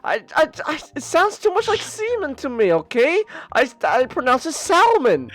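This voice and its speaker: A woman's voice: high-pitched, huge pitch swings, moderate pace, hardly any pauses, a bit bright, soft background music. A woman co-hosting a podcast in casual chat, flustered and defensive, stumbling over many restarts. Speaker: podcast co-host.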